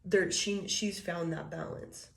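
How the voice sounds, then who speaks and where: A woman's voice: lowish voice, steady tone, takes it slowly, gravelly, a bit bright. Profane, laughing woman reading tarot. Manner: loose and profane, laughs often, acts out quotes. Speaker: tarot reader.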